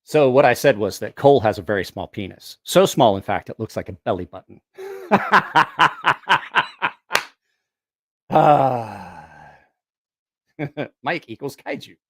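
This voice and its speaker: A middle-aged man talks casually to the camera, swearing often and poking fun at himself. His pitch jumps around in a lively way while he thinks aloud about the gear he is testing. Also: brisk. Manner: rambling, profane, self-mocking. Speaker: musician testing a voice effects box. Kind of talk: casual vlog chat.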